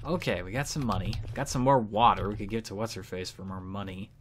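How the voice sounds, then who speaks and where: A man's voice: on the low side, quick pace, slight background noise. A man casually commenting on gameplay with irreverent jokes and swearing, as the host of a let's play series. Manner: joking, irreverent, often swears.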